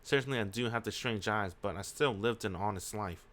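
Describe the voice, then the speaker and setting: A man reading as a quiet, subdued young man. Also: on the low side, fairly quick, natural voice. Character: quiet young man narrating his own story.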